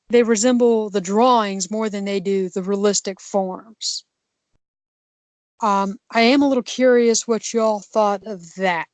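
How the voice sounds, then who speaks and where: A woman's voice: mid-range voice, darkish tone, no echo. A woman cohosting a casual podcast discussion, rambling with many restarts and fillers.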